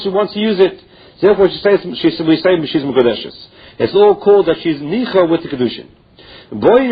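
A man's voice: a little high, slightly rough. A man teaching a Talmud class, reading Aramaic phrases and explaining each one in plain English. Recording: dull lo-fi recording.

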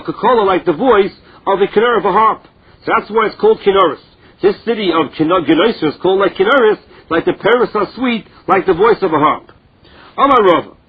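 Male Talmud teacher, reads then translates phrase by phrase, high husky voice, muffled lo-fi recording. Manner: reads a phrase then explains it in plain words. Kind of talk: Talmud lesson, reading and translating. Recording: dull lo-fi recording.

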